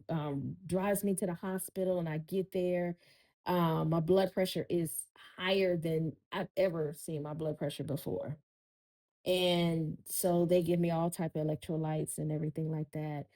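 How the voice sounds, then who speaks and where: A woman's voice: fairly low pitch, steady tone, normal speed, mellow, low-quality recording. A woman, a podcast guest telling a personal story in casual chat, often turning to listeners with "y'all.".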